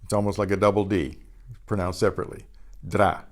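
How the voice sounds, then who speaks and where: A man teaching a Spanish pronunciation class. He says each word slowly and repeats it, and he often clears his throat. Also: sits low, level tone. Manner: models words slowly and repeats each one twice. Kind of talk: pronunciation lesson.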